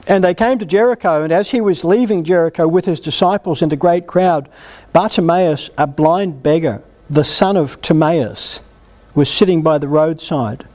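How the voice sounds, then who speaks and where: A man preaching a sermon at a healing meeting, emphatic and animated as he exhorts the congregation. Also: a little high, moderate pace.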